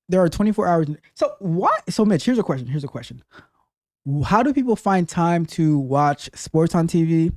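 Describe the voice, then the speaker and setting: A man's voice: on the high side, mellow, no room sound, studio quality. A man hosting a live call-in tech show, chatting casually and jokingly, often repeating his phrases. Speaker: host.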